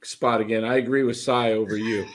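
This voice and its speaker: A man's voice: lowish voice, flat delivery, a little fast. A man on a sports talk panel, chatting in an easygoing, agreeable way.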